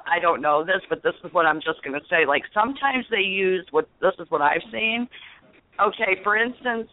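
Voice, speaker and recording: A woman's voice: on the low side, expressive, moderate pace, no room sound. A woman hosting a radio show, rambling candidly as she tells a personal story. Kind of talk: emotional casual talk radio chat. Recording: tinny phone line.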